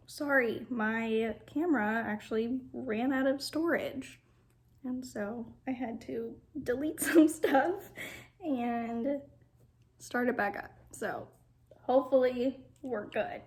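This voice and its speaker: A woman's voice: fairly high pitch, slow pace, a little mellow. A young woman reviewing makeup in a casual vlog at home, gushing and often dropping to a whisper. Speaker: beauty vlogger. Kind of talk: makeup first-impressions vlog. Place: home, at a mirror.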